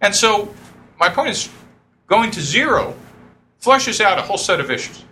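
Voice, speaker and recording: A middle-aged man telling lively stories to an audience, acting out the voices he quotes and laughing often. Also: sits high, moderate pace, faint music behind. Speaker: speaker telling startup stories. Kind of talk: lively storytelling talk.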